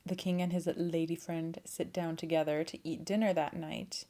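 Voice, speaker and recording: A woman's voice: lowish voice, little pitch movement, moderate pace, dark tone. A young woman casually retelling a folktale, chatty and swearing, with laughing asides and playful voiced quotes. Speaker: storyteller and channel host.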